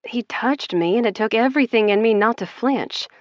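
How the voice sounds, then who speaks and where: A woman's voice: fairly high pitch, moderate pace, no room sound. A woman narrating a first-person romance audiobook in a wry, conversational way.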